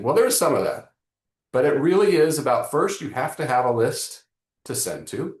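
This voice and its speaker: A man hosting a live online marketing lesson, joking and talking straight to his audience in an animated way. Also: on the high side, moderate pace, reverberant. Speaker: webinar host.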